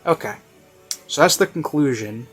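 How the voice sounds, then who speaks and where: A man's voice: a little high, animated, normal speed, a bit bright, faint music behind. Rambling man reviewing a video. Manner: rambling, heavy on fillers like "you know" and "like"; offhand, self-mocking. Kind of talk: casual commentary.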